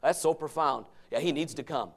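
A man preaching a fiery sermon from the pulpit, dropping to low murmurs and then rising to shouts. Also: fairly quick, creaky. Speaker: pastor.

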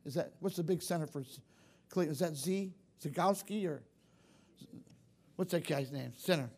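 A man's voice: on the high side, normal speed, a little mellow. A man preaching a sermon in church, emphatic and repetitive, often questioning the congregation. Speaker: pastor.

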